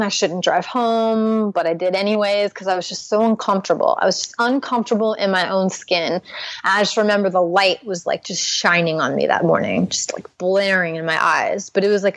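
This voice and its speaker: A woman's voice: medium pitch, dry recording. A young adult woman, a Christian life coach, earnestly telling her personal recovery story as a podcast guest, full of "like" fillers.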